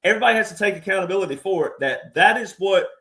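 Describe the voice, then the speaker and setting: A man giving an emphatic commentary monologue, repeating himself and addressing the audience as ladies and gentlemen. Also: high voice, lively intonation, very fast. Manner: restarts and repeats words often. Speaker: guest commentator.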